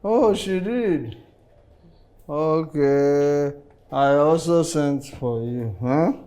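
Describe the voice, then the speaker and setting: A man with a Nigerian accent playing a sly, menacing middle-aged man who coaxes slowly. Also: fairly high pitch, dark tone. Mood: coaxing. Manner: slow, coaxing, chuckling.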